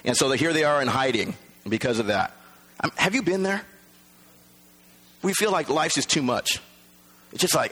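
A man pastor preaching an Easter sermon in a conversational way, acting out quoted voices and rising to excited shouts. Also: fairly high pitch, moderate pace.

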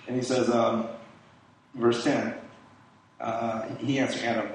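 A man's voice: medium pitch, little pitch movement, normal speed, pauses often. A middle-aged man giving an informal sermon in a conversational way, with many fillers and rhetorical questions. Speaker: preacher. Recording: echoey room, distant mic, faint hiss.

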